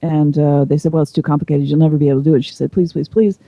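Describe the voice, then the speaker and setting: A woman's voice: low voice, little pitch movement, rapid-fire, gravelly, mellow, dry recording, low-quality recording. A woman speaking as an interview guest, explaining at length in a thoughtful, conversational way. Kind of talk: casual interview chat.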